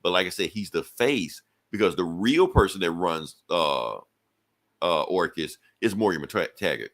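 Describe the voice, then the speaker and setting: A man's voice: low-pitched, expressive, normal speed, fairly bright tone. A man hosting a podcast, casually recapping a comic book in a rambling, slangy way. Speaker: podcast host.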